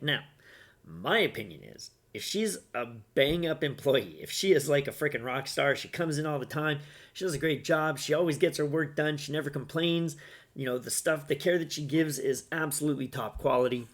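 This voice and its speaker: A man's voice: on the high side, expressive, fairly quick, fairly bright tone. A man giving blunt, opinionated casual commentary on news stories, with mild profanity.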